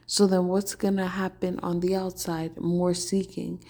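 Low gravelly woman podcaster. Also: unhurried. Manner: relaxed, conversational, many "like"s; animated storytelling. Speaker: podcast host. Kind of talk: casual spiritual talk.

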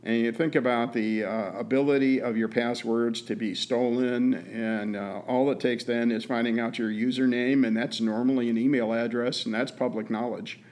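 A man's voice: medium pitch, steady tone, normal speed, hardly any pauses, a little mellow. Chatty man co-hosting a podcast. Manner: folksy storytelling with many "uh" fillers and repeats. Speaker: podcast co-host. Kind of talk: casual chat.

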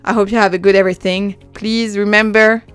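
A woman's voice: medium pitch, flat delivery, fairly quick, fairly bright tone, clean tone, no room sound, faint music behind. A woman in her thirties with a French accent, hosting her own podcast in a chatty, self-deprecating way and laughing often. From France. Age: 30s. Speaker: podcast host. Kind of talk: casual solo podcast monologue.

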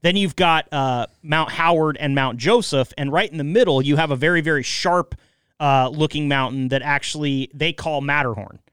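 This man's voice is fairly high and fairly bright, clear and resonant, delivered at a moderate pace in clean studio sound with no echo. He hosts a casual podcast chat, easygoing and teasing, swearing now and then.

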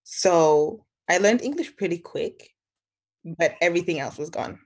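Young woman, lower voice, blunt and sweary. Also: expressive, unhurried. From Arabic-speaking country. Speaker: podcast co-host. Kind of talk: casual chat.

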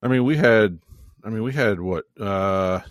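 A man on a casual podcast chat over drinks who makes offhand, deadpan remarks. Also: lowish voice, a little slow, dry recording, clean studio sound. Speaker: podcast co-host.

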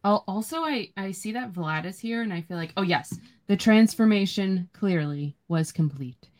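A woman's voice: mid-range voice, normal speed. A young woman co-hosting a casual book podcast, reading passages aloud and reacting to them. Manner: reads passages aloud, relaxed and agreeable. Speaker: podcast co-host. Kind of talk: casual book-club chat.

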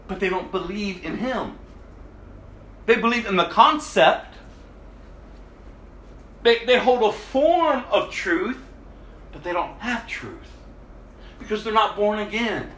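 A man's voice: high-pitched, animated, slow, pauses often, a bit bright, slight background noise. A man preaching a sermon, reading scripture and then explaining it with emphatic repetition of key words. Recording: echoey room.

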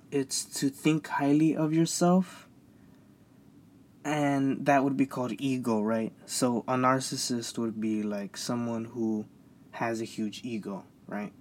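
Young guy venting on his podcast, stammers a lot, repeats himself, annoyed. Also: medium pitch. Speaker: podcast host. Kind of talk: casual rambling monologue.

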